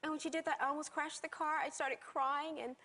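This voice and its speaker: A woman giving an emotional personal account in an interview, soft-spoken and halting, often repeating herself. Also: high voice, fairly even intonation.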